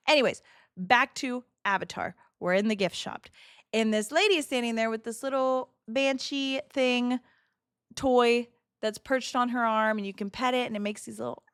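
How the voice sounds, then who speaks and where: A chatty woman in her thirties tells a story to her live chat, animated and quick with asides. Her voice sits a little high and comes across smooth and crisp. The sound is dry and close, with no room around it. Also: no echo. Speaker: streamer.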